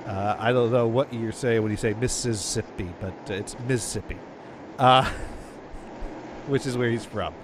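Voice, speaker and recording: A man's voice: medium pitch, steady tone, a little slow, background noise. A man hosting a casual radio show, chatting about old records with a rambling manner, often repeating words and chuckling.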